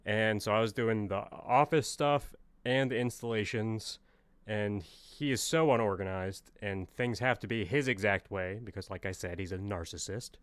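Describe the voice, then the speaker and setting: Smooth-voiced blunt man. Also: lowish voice, moderate pace, fairly bright tone, no room sound. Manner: plain-spoken, blunt, swears casually. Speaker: podcast co-host. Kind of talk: casual storytelling chat.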